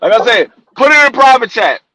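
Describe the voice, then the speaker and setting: Very high, bright combative man. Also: big pitch swings, brisk, slight background noise, rough recording. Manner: combative, repeats his point. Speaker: panelist debater. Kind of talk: heated online debate panel.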